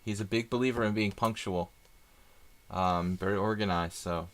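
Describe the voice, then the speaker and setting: A man's voice: fairly low pitch, steady tone, moderate pace. A man doing live chess stream commentary, chatty and thinking aloud with rambling asides.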